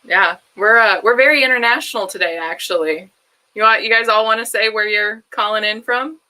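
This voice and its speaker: Friendly woman host running a live q&a, bright clear voice. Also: mid-range voice, brisk, rough recording. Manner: friendly, laughs easily. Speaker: host, moderator. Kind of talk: moderating a live Q&A. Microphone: video call.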